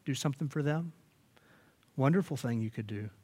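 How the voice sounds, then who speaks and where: A man preaching a sermon as pastor, animated and emphatic, often restarting his phrases. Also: mid-range voice, a little fast.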